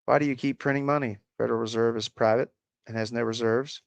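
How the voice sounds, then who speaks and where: A man's voice: mid-range voice, steady tone, fast talker, vocal fry, no room sound. A man with a slight Appalachian country accent, hosting a casual livestream, reading chat aloud and answering with crude, sarcastic swearing.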